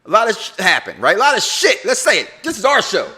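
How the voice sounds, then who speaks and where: Lebhafter Mann als Co-Moderator. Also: male voice, high voice, wildly swooping pitch, fast talker, breathy edge. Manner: playful and loud, teasing, jumps between mumbling and shouting. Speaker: co-host of a TV review show. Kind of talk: casual chat.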